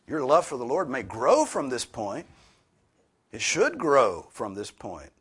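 A man preaching an expository sermon, stressing key words loudly and dropping some phrases to a hushed near-whisper. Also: medium pitch, wildly swooping pitch, a little slow, slightly rough.

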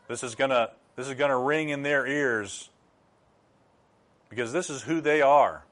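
A man's voice: medium pitch, measured pace, fairly bright tone. A middle-aged man preaching a sermon as pastor, teaching through rhetorical questions.

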